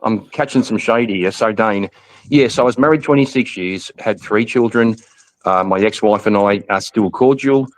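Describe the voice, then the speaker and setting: A man's voice: on the low side, moderate pace, rough recording. A man in his fifties on a debate panel, talking bluntly, cussing and cutting in. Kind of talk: casual debate chat.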